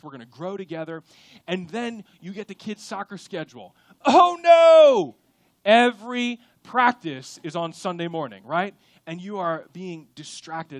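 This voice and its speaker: A young adult man preaching a sermon in a church, lively and conversational, now and then acting out quoted voices. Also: fairly high pitch, dry recording. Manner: animated, acts out quoted voices. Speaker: pastor. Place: church auditorium.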